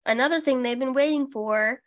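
A woman's voice: sits high, fairly quick. A young woman co-hosting a podcast in casual chat, wry and sarcastic, swearing casually. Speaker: podcast co-host.

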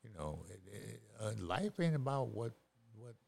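Middle-aged male guest, lively sing-song pitch, preachy and repetitive, casual podcast talk. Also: moderate pace, vocal fry. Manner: animated, repeats words, preachy.

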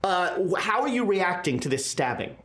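Woman gm narrating a horror game, lively pitch, kinda roomy echo. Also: normal speed. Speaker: game master. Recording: echoey room.

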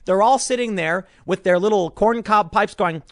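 A man's voice: high-pitched, normal speed, dry recording, studio quality. A man giving sarcastic political commentary, reading an article aloud with mocking asides.

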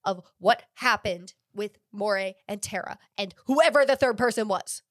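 A woman playing a tabletop game, playful and quick to laugh. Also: medium pitch, fairly bright tone, dry recording, studio quality. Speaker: player.

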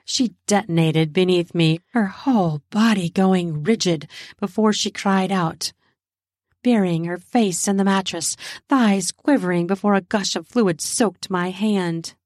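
A woman narrating an adult audio story in a slow, intimate reading. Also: mid-range voice, darkish tone, no echo, clean studio sound.

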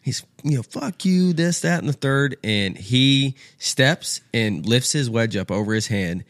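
A young man, a podcast guest, tells an animated story in casual chat, swearing freely and acting out the voices of people he quotes. His mid-range voice moves a little slowly, and the studio-quality recording has no echo.

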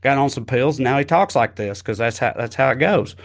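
A man's voice: mid-range voice, normal speed, creaky. A man co-hosting a podcast, chatting casually in a wry, profane, joking way. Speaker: podcast co-host. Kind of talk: casual chat.

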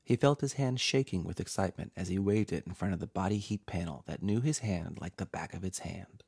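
Theatrical low-voiced male storyteller. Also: a little fast, vocal fry, a little mellow, slightly rough. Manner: theatrical, playfully sinister reading. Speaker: podcast host and storyteller. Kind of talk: scripted horror story narration.

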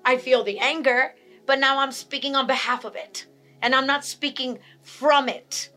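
A woman with a high, bright voice gives a teaching talk on emotions. She repeats her key points and briefly acts out angry and sad examples. Faint music plays behind her. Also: steady tone, moderate pace. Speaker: speaker on emotional health.

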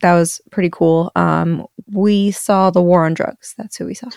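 A woman in her thirties co-hosting a podcast, talking casually and hesitantly with many pauses. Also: lowish voice, gravelly, clean tone, no echo, clean studio sound. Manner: relaxed, hesitant, forgetful with many ums. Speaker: podcast co-host. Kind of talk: casual chat.

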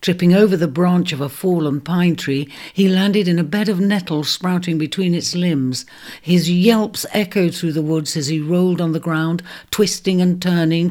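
A storyteller reading a children's fantasy tale in an expressive narration. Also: mid-range voice.

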